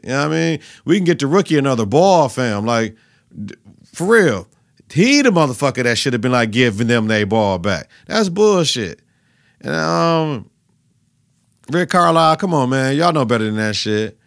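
A man hosting a podcast, giving casual sports talk in a profane, animated style with lots of repetition. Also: mid-range voice, vocal fry, no room sound, studio quality. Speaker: podcast host.

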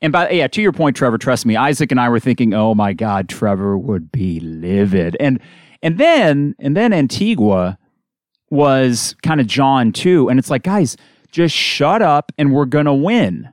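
A man hosting a podcast, calling a basketball game live with bursts of excitement. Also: on the high side, normal speed, no room sound, studio quality. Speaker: podcast host doing live game reaction. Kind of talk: excited play-by-play commentary.

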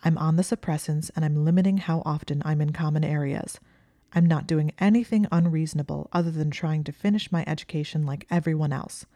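A woman's voice: sits low, steady tone, fairly quick, warm tone, no room sound, studio quality. A woman voicing a proud, defiant young female student witch with an icy, clipped manner.

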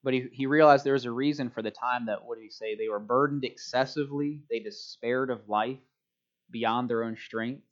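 Casual male preacher, conversational and self-joking, mid-pitched, heard on a dull lo-fi recording. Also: moderate pace. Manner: relaxed, chatty, self-joking. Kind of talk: casual sermon. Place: church hall with a congregation. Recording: dull lo-fi sound.

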